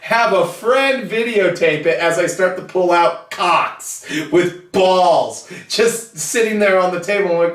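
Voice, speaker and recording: A man's voice: sits high, animated, measured pace, hardly any pauses, fairly bright tone. A man host ranting bluntly and profanely in a casual monologue about his tabletop hobby, in his basement hobby room. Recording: echoey room, far from the mic.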